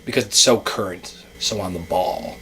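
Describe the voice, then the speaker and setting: A man's voice: low-pitched, sharp tone, a little hiss or hum. A young man co-hosting a podcast in casual chat, talking at length and restarting his sentences often. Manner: talkative, quick restarts, explains at length. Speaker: podcast co-host.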